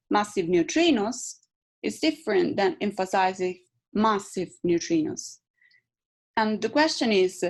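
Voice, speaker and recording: A woman's voice: medium pitch, a little mellow. Woman giving a presentation tutorial. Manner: hesitant fillers, demonstrative emphasis. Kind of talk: online tutorial talk. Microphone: video call.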